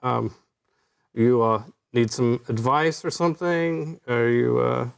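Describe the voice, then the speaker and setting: A man's voice: medium pitch, takes it slowly, gravelly, smooth. A man voicing a busy, brusque female tavern waitress with a poorly put-on Russian accent and clipped, broken phrasing. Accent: put-on Russian, done poorly. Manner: clipped, dropped little words.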